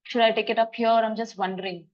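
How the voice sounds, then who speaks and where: A woman teaching a grammar lesson in a classroom, brisk and coaxing as she quizzes students. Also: fairly high pitch, steady tone, dull audio.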